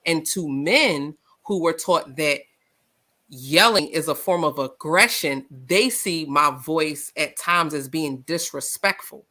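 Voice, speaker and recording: A woman co-hosting a live discussion show, loud and passionate, telling stories with acted-out quotes. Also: low-pitched. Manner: animated, storytelling with acted quotes. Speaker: podcast co-host.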